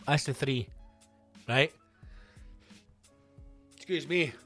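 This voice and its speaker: A Scottish man hosting a comedy podcast, ranting in an animated, sweary monologue. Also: medium pitch, extremely slow, no room sound, soft background music. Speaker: comedian host.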